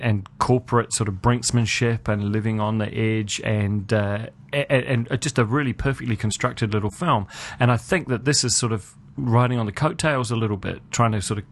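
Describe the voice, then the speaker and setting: A man co-hosting a film podcast, chatting casually and giving opinionated reviews with frequent restarts. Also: fairly low pitch.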